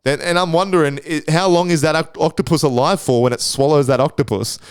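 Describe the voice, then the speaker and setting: A man's voice: fairly high pitch, fairly even intonation, a little fast, smooth, dry recording, studio quality. An Australian man hosting a casual solo podcast, rambling and crude, swearing constantly and restarting his sentences. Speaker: podcast host.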